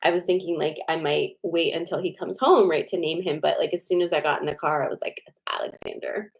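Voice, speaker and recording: A woman's voice: low-pitched, steady tone, quick pace, vocal fry, rough recording. A woman in her forties hosting a casual livestream, chatty and rambling, reading cards to viewers and full of "like" fillers.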